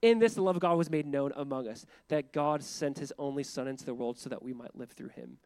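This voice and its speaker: A man preaching a sermon as pastor, animated and conversational, leaning on emphatic repetition and laughing often as he talks. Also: medium pitch, brisk, clear, resonant tone, no echo. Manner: laughs often while speaking.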